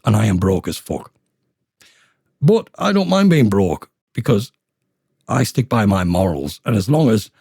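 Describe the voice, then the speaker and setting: A man's voice: medium pitch, dark tone, breathy edge, no room sound, clean studio sound. A man delivering a blunt, heated monologue straight to camera, swearing freely as he vents. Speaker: vlogger. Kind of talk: ranting monologue.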